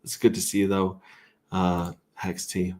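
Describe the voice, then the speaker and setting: A man's voice: deep voice, monotone, unhurried, darkish tone. A man hosting a casual crypto livestream, talking through charts in a rambling, self-interrupting way with wry asides.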